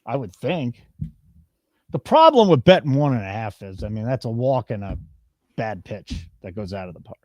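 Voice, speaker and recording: A man co-hosting a betting stream, his pitch swinging widely as he jokes and teases. He speaks into a close mic with a very dry sound. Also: normal speed, dry recording. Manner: animated, teasing, reads chat comments aloud. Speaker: co-host of a live sports betting show. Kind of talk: casual live-stream banter.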